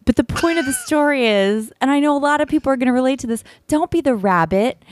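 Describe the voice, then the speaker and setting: A woman's voice: sits high, fast, no room sound, studio quality. A woman co-hosting a podcast, telling stories casually and swearing freely. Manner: candid, swears freely, animated. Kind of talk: casual chat, storytelling.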